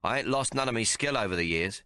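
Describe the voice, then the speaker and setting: Lively, bright-voiced male audiobook narrator. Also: mid-range voice, fast talker, dry recording, studio quality. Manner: rough colloquial frontier dialect. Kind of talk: first-person audiobook narration.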